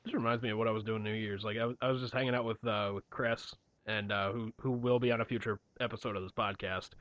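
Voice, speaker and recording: A man's voice: fairly low pitch, fairly even intonation, fast talker, no room sound. Young guy on a podcast, rambly storyteller, swears a ton, muffled dry audio. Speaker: podcast co-host. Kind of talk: casual chat. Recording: dull lo-fi, dry.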